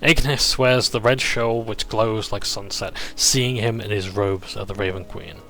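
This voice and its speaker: A man's voice: fairly low pitch, fairly even intonation, measured pace, pushed and bright. Rambling man recapping a tabletop game. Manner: rambling, chuckling, self-interrupting. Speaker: player recapping a tabletop campaign. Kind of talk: casual narrated recap.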